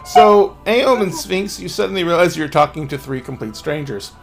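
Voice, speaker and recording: A man's voice: fairly high pitch, lively intonation, moderate pace, vocal fry, over music. A man narrating as game master of a tabletop game, casual and laughing often.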